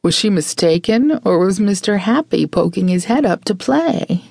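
Gravelly-voiced woman narrating an audiobook. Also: mid-range voice, lively intonation, moderate pace, a little mellow, dry recording, studio quality. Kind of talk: scripted narration.

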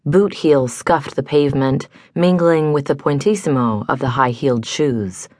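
Very deep, slow woman narrator. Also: darkish tone, dry recording. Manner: measured, hardboiled first-person telling. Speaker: audiobook narrator. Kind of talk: scripted narration. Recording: dry studio.

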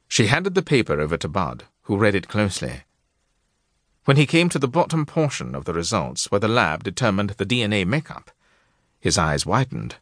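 A man reading an audiobook with measured storytelling and a lowish voice. His delivery has a lively, varied melody. The recording is close and dry. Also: no echo. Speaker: audiobook narrator. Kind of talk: scripted narration.

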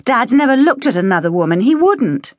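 A woman's voice: fairly high pitch, big pitch swings, brisk, no room sound, pitched above the performer's own voice. A woman reading an earnest young farm woman.

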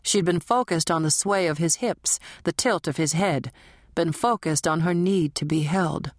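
Woman narrator, unhurried and dramatic, low-set voice, dry close sound. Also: no room sound. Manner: measured, dramatic, sensual. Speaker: audiobook narrator. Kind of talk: scripted narration.

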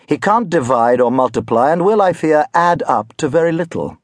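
A man reading an audiobook voices a sarcastic schoolteacher with slow, dry delivery. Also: a little high, expressive, no echo, voice pushed up, lightly acted.

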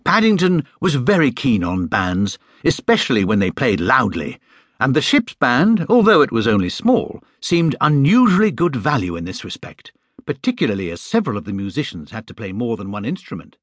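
A man reads a children's storybook in a measured, warm way, with a husky, slightly breathy voice and very lively intonation. The studio sound is dry and close. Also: medium pitch, no echo. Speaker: audiobook narrator. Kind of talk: scripted storybook narration.

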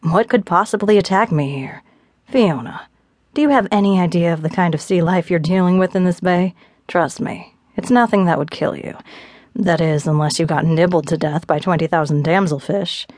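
A woman narrator voicing a relaxed, teasing man who brushes off worry, in an audiobook. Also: lowish voice, moderate pace, dry recording, clean studio sound, natural voice. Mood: teasing calm. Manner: easygoing, dismissive. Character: calm, teasing man, expert free diver. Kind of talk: audiobook character dialogue.

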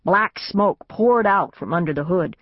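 Her voice is lowish and expressive, moving at a measured pace as she narrates a first-person novel for an audiobook. The storytelling is plain, though she lifts her voice for the family's lines. The studio recording has no echo and is dry and a bit dull.

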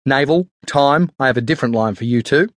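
A man's voice: medium pitch, fairly quick, no echo, close to an everyday voice. A man voicing a strict, cold male schoolteacher in an audiobook, giving clipped, stern commands. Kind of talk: audiobook character voice.

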